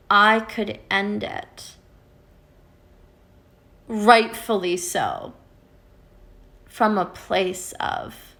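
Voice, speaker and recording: This woman, a love and spiritual coach, speaks casually and frankly to her livestream audience, cursing freely and tagging many points with "right?". She has a creaky, mid-range voice with a fairly bright tone.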